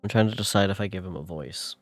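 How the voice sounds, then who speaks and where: A man's voice: low voice, fast, no room sound, soft background music. A man reading a classic novel aloud on stream, often tripping over words and correcting himself. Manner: stumbles and corrects himself mid-sentence while reading. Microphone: streaming setup microphone.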